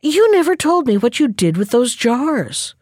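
A woman voicing a patient, quietly shrewd male hedgehog in a storybook, polite and measured. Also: high-pitched, very animated, dry recording, clean studio sound, voice pushed up, full character voice.

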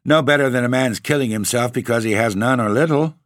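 A man's voice: lowish voice, big pitch swings, normal speed, a bit bright, no room sound. A man voicing a grim, petulant male ghost with a stake through his body, speaking dryly and pushily. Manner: petulant, dry and pushy.

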